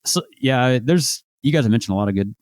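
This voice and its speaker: A man talks fast in casual podcast chat, often backing up and correcting himself. His voice sits at an ordinary pitch. The recording is close and dry. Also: expressive, darkish tone, smooth, no room sound. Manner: quick, hesitant, self-correcting. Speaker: podcast co-host.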